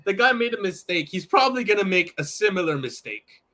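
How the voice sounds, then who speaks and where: A man on a casual fan podcast panel, talking haltingly and laughing between words. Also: sits high, big pitch swings, pushed and bright.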